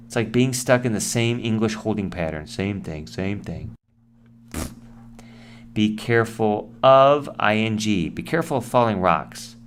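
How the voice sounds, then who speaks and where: A man's voice: on the low side, slight background noise. A man giving a casual English vocabulary lesson, explaining words and acting out example sentences. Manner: explanatory, acts out example sentences in different voices. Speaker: English teacher.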